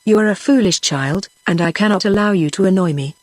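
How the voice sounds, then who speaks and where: A woman's voice: medium pitch, brisk, no echo, natural voice. A synthetic woman's voice reading the lines of a haughty, vain princess in a storybook, with barely any change from the narration.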